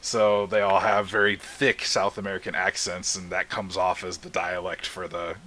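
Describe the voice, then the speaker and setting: A man's voice: sits low, level tone, moderate pace, bright, forceful tone, a little hiss or hum. A man running a tabletop game as game master, laid-back and often laughing as he makes rulings.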